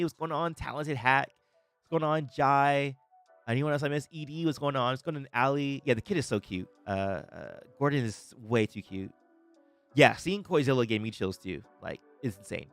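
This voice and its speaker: Excitable young man, dry close sound. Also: mid-range voice, normal speed, no room sound, faint music behind. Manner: excitable, stammering restarts, laughs often. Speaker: livestream host reacting to a trailer. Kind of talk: excited live reaction and chat shout-outs.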